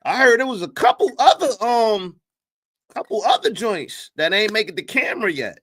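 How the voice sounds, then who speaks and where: A young man hosting a live stream, reacting to a clip with animated, incredulous commentary and talking to his chat. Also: high-pitched, normal speed. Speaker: streamer reacting to battle rap clips.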